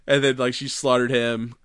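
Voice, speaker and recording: A man with a bright, forceful voice chats through a movie plot for a podcast. He tells it casually and animatedly, often slipping into the characters' lines and laughing. The sound is dry and close. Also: mid-range voice, no echo. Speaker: podcast co-host. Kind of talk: casual movie recap chat.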